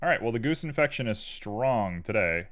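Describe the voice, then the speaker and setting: A man with a low-pitched voice that swings widely up and down as he talks. He chats casually and goofily with his viewers while working on his art, joking around as he goes. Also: lively intonation, normal speed, a bit bright. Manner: playful and goofy, chatting with viewers. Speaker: live streamer doing 3D art.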